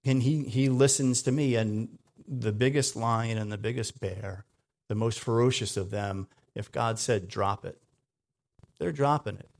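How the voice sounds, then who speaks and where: A preacher gives a conversational sermon, often checking in with "right?" and shifting between loud, emphatic lines and quiet, low asides. He speaks at normal speed with vocal fry.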